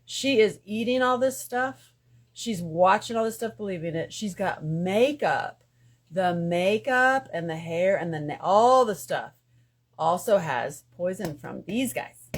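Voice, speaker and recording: A woman hosts a casual spiritual live stream from her phone. She talks in lively swings, going from loud outbursts to hushed asides, and she curses freely as she goes. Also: lowish voice. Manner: animated, swings between loud bursts and hushed asides, profane.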